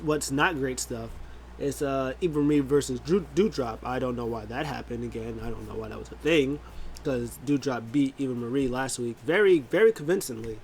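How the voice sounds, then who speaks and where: A man's voice: mid-range voice, darkish tone, slight background noise. Rambling man recapping wrestling casually. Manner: rambling, many fillers, acts out quotes. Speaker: wrestling show reviewer.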